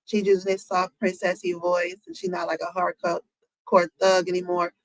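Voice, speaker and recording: A woman's voice: fairly low pitch, flat delivery, moderate pace, dry recording, low-quality recording. A woman hosting her own commentary channel, talking casually to viewers with lots of fillers and asides. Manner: chatty, lots of fillers, addresses viewers as y'all.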